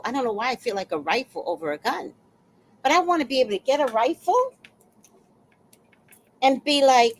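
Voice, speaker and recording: A woman in her sixties telling a story on a casual livestream, blunt and fiery, with sudden loud outbursts. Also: high-pitched, sing-song, moderate pace, long pauses. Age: 60s.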